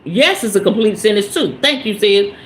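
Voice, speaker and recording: Animated woman preaching spiritual pep talk. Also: mid-range voice, moderate pace, slight background noise, low-quality recording. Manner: emphatic, preachy, talks straight to listeners. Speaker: spiritual podcast host.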